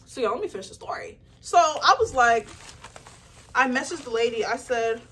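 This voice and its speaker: A young woman chatting casually to her phone camera while packing orders, telling a story in an animated way with lots of "like". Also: on the high side, moderate pace, husky, far from the mic. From Nigerian heritage. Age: young adult. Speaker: small business owner vlogger.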